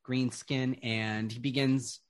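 A man narrating a tabletop game as game master, describing scenes slowly with lots of fillers. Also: medium pitch, little pitch movement. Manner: slow, descriptive, rambling with fillers.

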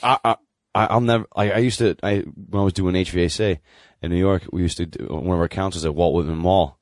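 A man guesting on a casual podcast, telling stories with an animated, teasing manner. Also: fairly quick, dry recording, studio quality. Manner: animated storyteller, jumps in pitch when joking.

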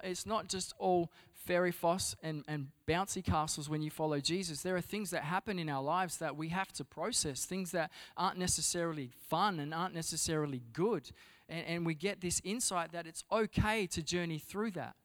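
A man, a pastor, preaching to a congregation. He often repeats words as he searches for the next thought, then rises to loud, emphatic passages. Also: a little high. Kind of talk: sermon. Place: church hall before a congregation.

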